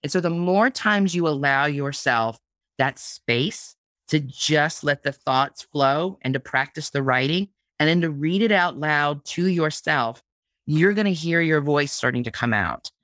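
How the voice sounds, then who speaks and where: A woman's voice: deep voice, lively intonation, measured pace, a bit bright, no echo. Chatty woman guest, dry close sound. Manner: chatty, repeats words, many restarts. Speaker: guest, blogging teacher. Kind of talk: casual podcast interview.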